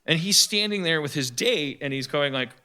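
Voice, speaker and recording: A man telling a rambling comic story on a live podcast, halting and restarting often as he goes. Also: a little high, expressive, pushed and bright, smooth.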